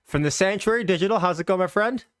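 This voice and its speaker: A man's voice: high voice, fast talker, no room sound, studio quality. A man hosting a casual stock market livestream, upbeat and chatty, greeting viewers from the chat with loose restarts.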